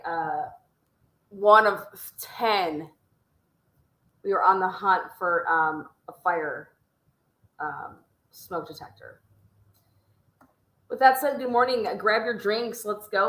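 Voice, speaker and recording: An upbeat woman hosting a livestream with playful, cheering energy. Her voice sits at an ordinary middle pitch for a woman. The room around her rings with a clear echo. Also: a bit bright. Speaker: livestream host. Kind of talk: casual live chat. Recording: echoey room.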